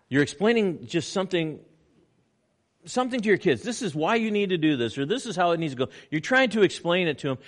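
A man preaching a sermon, animated, acting out little scenes in quoted voices. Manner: animated preaching with swings in pitch and loudness. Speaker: pastor.

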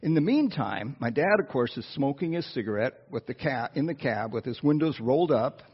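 Husky man telling a sermon story. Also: mid-range voice, brisk. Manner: animated personal storytelling with asides to listeners. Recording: dull lo-fi sound.

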